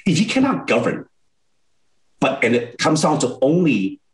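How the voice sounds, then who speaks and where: A man hosts a talk show and delivers heated political commentary. His pitch swings widely, jumping up and dropping low as he presses each point. He gets worked up and stumbles over repeated words. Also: low-quality recording.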